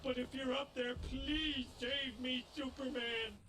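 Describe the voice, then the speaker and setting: A man's voice: steady tone, slow, sharp tone, full character voice. An actor voicing a panicked cartoon man who wails desperate prayers, heard as a clip played into the stream. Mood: frantic pleading. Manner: shrill, desperate wailing.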